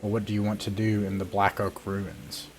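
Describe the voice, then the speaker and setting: A male game master narrating a fantasy tabletop session from home through a computer mic. His voice sits on the low side, and he pauses often and hunts for words as he goes. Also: level tone, slight background noise. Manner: hesitant, many fillers and restarts. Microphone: computer mic on a video call.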